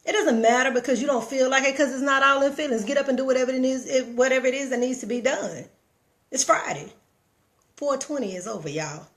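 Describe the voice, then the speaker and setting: A woman's voice: sits high, a little fast, fairly bright tone. A middle-aged woman hosting a live stream, giving casual motivational talk straight to her viewers, emphatic and repetitive, talking into her phone. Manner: preachy, emphatic, repeats herself, talks straight to viewers.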